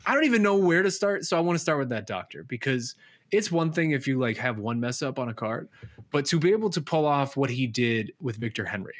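Male co-host, mid-pitched, excitable, rambles and restarts. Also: brisk. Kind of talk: post-fight analysis chat.

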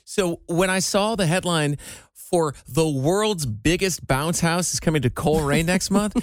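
A man's voice: a little high, measured pace, dry recording, studio quality. A man co-hosting a casual radio show, chatting in an easygoing, playful way. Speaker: radio co-host.

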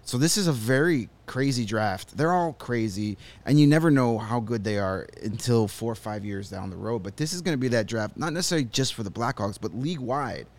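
A man's voice: medium pitch, lively intonation, a little fast, few pauses, darkish tone. A man co-hosting a sports podcast, giving opinions and joking in casual chat. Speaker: podcast co-host. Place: studio.

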